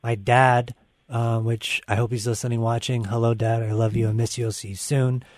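A man's voice: medium pitch, level tone, moderate pace, no echo, clean studio sound. A man speaking candidly as a guest on a live call-in radio show, rambling with many fillers. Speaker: guest musician. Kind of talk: casual radio interview.

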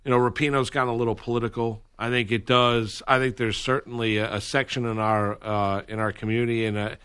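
A man's voice: medium pitch, flat delivery, fast, fairly bright tone, clear, resonant tone. A man co-hosting a sports radio show, talking casually with lots of fillers and restarts. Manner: hesitant, many fillers and restarts.

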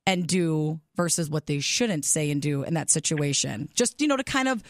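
A woman hosting a podcast interview, affirming her guest and recapping points slowly. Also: deep voice, expressive, dry recording, studio quality. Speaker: podcast host.

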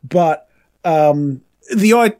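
A man's voice: on the high side, animated, very slow, a little mellow. A man co-hosting a podcast, reviewing an album in rambling casual chat, swearing freely and restarting his sentences a lot. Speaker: podcast co-host.

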